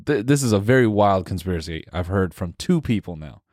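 A man's voice: low voice, lively intonation, fairly quick, a little mellow, no echo, studio quality. A man co-hosting a podcast in casual chat, laid-back and full of filler words. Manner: laid-back, uses filler words, says bro and dude. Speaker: podcast co-host.

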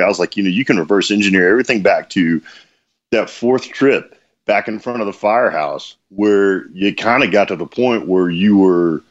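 A man's voice: sits low, muffled recording. A man reflecting thoughtfully in a conversation, circling and restarting his sentences. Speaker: guest.

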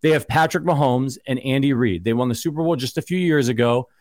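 A male podcast host in casual sports chat who rambles and argues his points with conviction. His voice is mid-pitched and recorded very dry and close, with no room sound. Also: fast, darkish tone, dry recording. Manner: conversational, rambling, argumentative.

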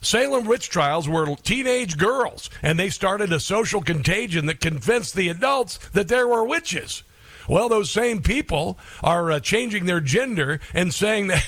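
A man's voice: high-pitched, expressive, normal speed, a bit bright, no echo. A man hosting a talk radio show, delivering an emphatic, mocking monologue and laughing often. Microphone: studio microphone.

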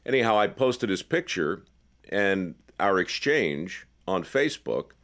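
A man's voice: sits low, very animated, a little slow, fairly bright tone. A man hosting a casual conversation, telling reflective stories with wry asides. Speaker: podcast host.

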